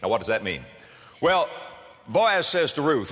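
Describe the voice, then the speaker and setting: A man's voice: medium pitch, sing-song, measured pace, long pauses, fairly bright tone, slightly rough. A man preaching a sermon in a folksy storytelling manner, with humor, addressing listeners as friends. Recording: reverberant hall.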